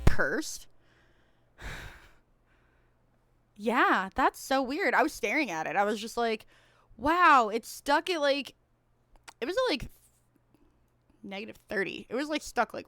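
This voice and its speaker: Young woman streaming, squeaky high voice, bubbly and rambly, gets loud then quiet. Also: sing-song, unhurried, pauses often. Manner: bubbly, rambling, swings between loud and hushed. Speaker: live streamer. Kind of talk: casual chat.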